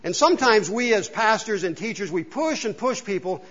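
A man's voice: high-pitched, animated, moderate pace, fairly bright tone, husky. A male pastor preaching a casual, joking sermon and asking the congregation questions, recorded in a church hall. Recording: dull sound with long hall reverb.

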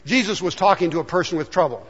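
In a dull-sounding recording with long hall reverb, a high-voiced, husky pastor delivers an earnest sermon as a story, doing voices for its characters. He talks fast, with lively intonation.

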